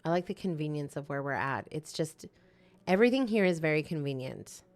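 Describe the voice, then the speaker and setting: A woman's voice: deep voice, lively intonation, fairly quick, darkish tone. A woman hosting a live co-working stream, chatting casually and reacting eagerly to her viewers' messages. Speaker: livestream host.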